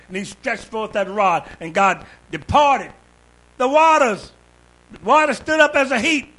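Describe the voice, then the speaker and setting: A man preaching a sermon in a church, calling out to the congregation and building up to shouts. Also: sits high, lively intonation, measured pace, low-quality recording. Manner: call-and-response preaching, rising to shouts.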